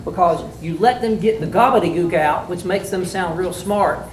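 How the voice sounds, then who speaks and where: A middle-aged man with a drawl judges mock trial students, coaching them in a folksy, blunt and joking manner. His voice sits high at a normal speed. He's heard from a distance in an echoey room with a faint background hiss.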